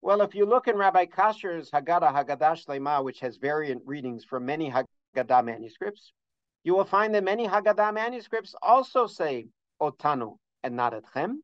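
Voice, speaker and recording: A man's voice: fairly high pitch, animated, normal speed, no room sound. A middle-aged man teaching a scholarly holiday lesson, earnest and detailed in citing sources, with frequent uhs. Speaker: religious teacher. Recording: dull, dry lo-fi recording.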